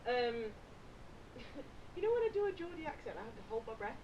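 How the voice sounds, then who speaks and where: Giggly Yorkshire woman, lively voice. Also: high voice, fairly quick, lo-fi sound, slight background noise. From Yorkshire, England. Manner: laughs often, chatty and teasing. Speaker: podcast co-host. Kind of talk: casual chat.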